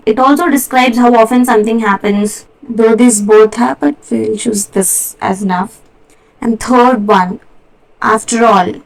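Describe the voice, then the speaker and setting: A young woman with an Indian English accent, walking through past exam answers as a tutor, slowing down to spell out key words. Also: on the high side, rough recording. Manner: steady explanatory, slows to spell out key words. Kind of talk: exam solution walkthrough.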